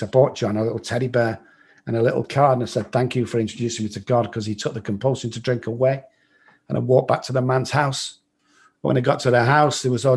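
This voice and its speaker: A man's voice: medium pitch, darkish tone, breathy edge. A middle-aged man from England with an English accent, a guest telling his life story bluntly, swearing freely and acting out other people's lines. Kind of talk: storytelling in an interview.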